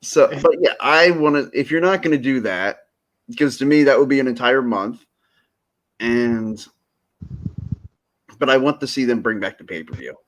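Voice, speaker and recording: A man's voice: mid-range voice, normal speed, pauses often. Male podcast co-host, mid-range voice, loose, joking, rambling delivery. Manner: rambling, jokey, lots of restarts. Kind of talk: casual wrestling chat.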